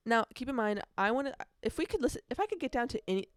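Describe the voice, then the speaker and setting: A woman's voice: a little high, lively intonation, very fast, clear, resonant tone, no room sound. Chatty young woman, dry close sound. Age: young adult. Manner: chatty, rambling, bursts into snatches of song. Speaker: podcast host. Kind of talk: casual solo podcast chat. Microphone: earbuds.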